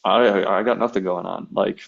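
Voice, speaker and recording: A man with a fairly low voice tells a personal story in relaxed podcast conversation, slipping into the voices of the people he quotes. The recording is a bit dull and lo-fi. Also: normal speed, creaky, slightly rough. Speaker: podcast guest, massage therapist.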